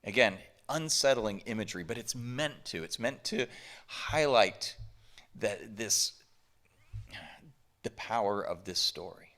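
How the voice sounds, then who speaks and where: A man's voice: fairly low pitch, lively intonation, slow pace, pauses often, a bit bright. A man from the southern United States preaching a conversational sermon to his church, full of emphatic rhetorical questions. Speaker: pastor. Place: church sanctuary.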